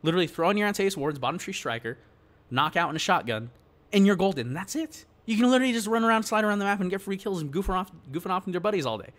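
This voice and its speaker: A man delivering an exasperated gaming rant, his voice a little high for a man and swinging widely up and down as he gets heated. He talks casually and with plenty of slang, straight to his viewers. His frustration rises and falls but never leaves. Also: lively intonation, fast talker, a bit bright. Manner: worked-up, exasperated ranting; casual slangy address to the audience. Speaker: gaming YouTuber. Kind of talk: ranting gaming commentary.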